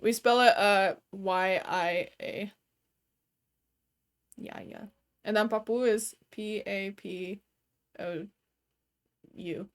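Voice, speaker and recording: Speaking slowly in a mid-range voice with fairly even intonation, a young woman chats while streaming a game from her bedroom. She's casual and foul-mouthed, with plenty of "like" fillers.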